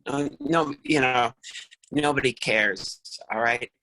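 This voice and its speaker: An affable man, a ventriloquist guest, joking his way through a casual chat. His voice sits in a middle pitch and has a bright ring to it. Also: slow, slight background noise, poor audio.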